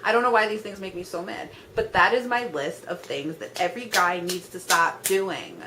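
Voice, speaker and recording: A woman's voice: on the low side, normal speed, noisy background. A young woman vlogging a blunt, profane rant, talking in an exasperated way and filling her sentences with "like". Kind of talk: ranting vlog monologue.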